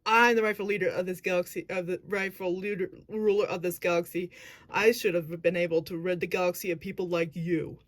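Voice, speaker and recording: A woman's voice: fairly low pitch, little pitch movement, a little fast, no echo, natural voice. A woman reading the lines of an arrogant, vengeful male space villain captain in a monologue rehearsal, in a bitter, scornful tone. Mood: defiant.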